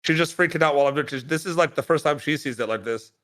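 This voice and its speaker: Casual male podcast guest, slightly raised pitch, rambling and self-deprecating. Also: rapid-fire, a bit bright. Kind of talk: casual chat.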